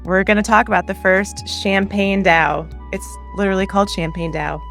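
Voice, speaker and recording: A woman's voice: mid-range voice, normal speed, vocal fry, fairly bright tone, soft background music. A woman with a Chicago accent hosting a casual explainer video, chatty and self-deprecating, laughing often. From Chicago, US Midwest. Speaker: crypto video host.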